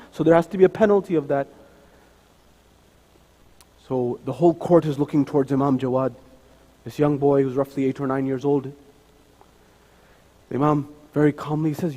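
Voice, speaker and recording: A man giving a sermon at a mosque, telling a story and acting out its dialogue. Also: fairly high pitch. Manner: acts out the dialogue of figures in his story. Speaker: speaker at a mosque. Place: mosque hall. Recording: long hall reverb.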